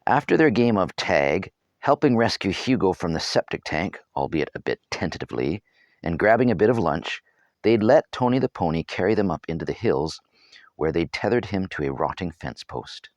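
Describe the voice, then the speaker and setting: A man's voice: low voice, animated, normal speed, no echo, clean studio sound. A man reading his own novel aloud as storybook narration, with wry, humorous asides.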